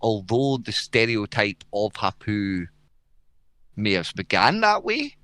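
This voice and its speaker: A man's voice: on the low side, very animated, takes it slowly, fairly bright tone, no echo. A man co-hosting a podcast in casual chat, swearing heavily and ranting with frequent laughs. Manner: profane, ranting, laughs often. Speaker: podcast co-host.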